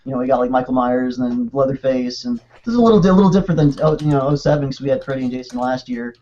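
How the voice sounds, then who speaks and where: A man casually chatting on a podcast, excitable and rambling, with quick restarts. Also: mid-range voice. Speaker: podcast co-host. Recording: dull lo-fi podcast audio.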